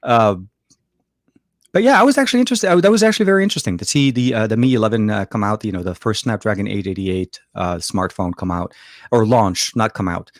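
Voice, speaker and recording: A man's voice: fairly low pitch, animated, quick pace, no echo, clean studio sound. A man co-hosting a casual tech chat, rambling with many fillers and restarts. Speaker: co-host.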